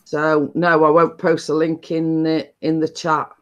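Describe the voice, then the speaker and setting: A woman's voice: deep voice, little pitch movement, unhurried, lo-fi sound. A woman hosting a chatty live stream, telling stories in a rambling way with many restarts.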